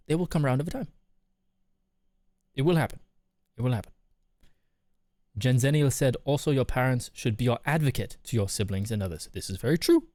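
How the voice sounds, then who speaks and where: A man's voice: medium pitch, a little mellow, no room sound. Chatty male streamer, dry mic. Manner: reads viewer messages aloud and answers them; loose, chatty, repeats himself. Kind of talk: casual live-stream chat.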